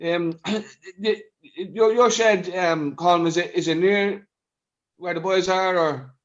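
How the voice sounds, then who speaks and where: Man, slightly high voice, effusive and repetitive, muffled call audio. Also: slow. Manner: effusive, repeats words and restarts. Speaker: video call participant. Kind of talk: casual chat on a video call. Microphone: video call. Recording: dull lo-fi video call audio.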